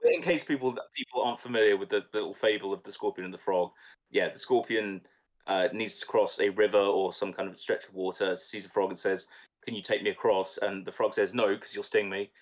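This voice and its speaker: Male podcast co-host, lowish voice, loose and profane retelling. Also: steady tone, brisk. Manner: tells stories loosely, swears, repeats words. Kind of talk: casual film discussion podcast.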